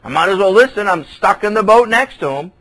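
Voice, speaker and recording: A tired, plain-spoken fisherman grumbles in casual everyday talk, as a male preacher puts him on. The voice stays close to the speaker's own high-pitched tone. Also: animated, brisk, a bit bright, poor audio. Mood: grudging. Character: weary, blunt male fisherman, middle-aged.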